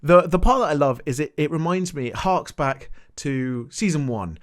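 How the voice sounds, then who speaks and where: Young man, casual vlog recap, animated, swearing, exasperated outbursts. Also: a little high, moderate pace. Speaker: TV recap vlogger. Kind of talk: casual episode recap rant.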